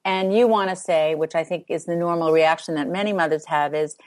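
An older woman answers interview questions about parenting in a calm, measured way. She pauses and uses fillers as she thinks through her points. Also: lowish voice. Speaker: guest expert on parenting. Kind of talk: conversational interview.

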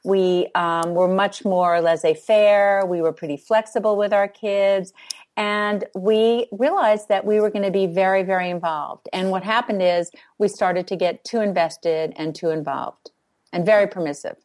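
Measured older woman giving parenting advice. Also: mid-range voice, fairly even intonation, darkish tone. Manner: thoughtful, measured, pauses with fillers. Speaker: guest expert on parenting. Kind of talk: conversational interview.

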